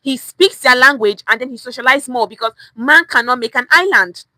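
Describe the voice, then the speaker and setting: Bright-voiced Nigerian woman teaching. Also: sits high, fairly quick, no echo, poor audio. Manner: animated, repeats phrases to demonstrate tone. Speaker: Pidgin English tutor. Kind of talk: livestream lesson.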